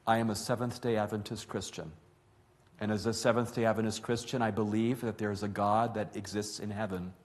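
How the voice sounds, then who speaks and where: A man playing a calm, steadfast woman of faith who answers firmly and quietly. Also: on the low side, natural voice. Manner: calm, firm, measured.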